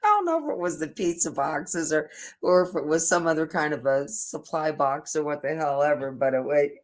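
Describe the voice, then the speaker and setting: A man's voice: a little high, lively intonation, normal speed. An older man telling a casual, meandering story to his camera, often restarting his sentences and stammering over repeated words. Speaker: vlogger.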